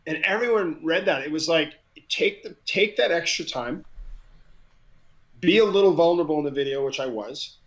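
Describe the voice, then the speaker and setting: A middle-aged man with a fairly high voice tells a story in casual chat. He talks with energy and often stumbles over repeated words as he picks up speed. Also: lively intonation, moderate pace, low-quality recording. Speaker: guest, crowd hype man.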